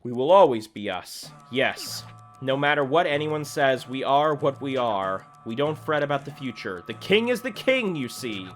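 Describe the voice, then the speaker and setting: A man's voice: medium pitch, big pitch swings, normal speed, soft background music, natural voice. A man voicing a pompous, grandiose cosmic king who speaks in the royal we, reading game dialogue aloud. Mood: haughty. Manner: haughty, demanding, speaks in the royal we.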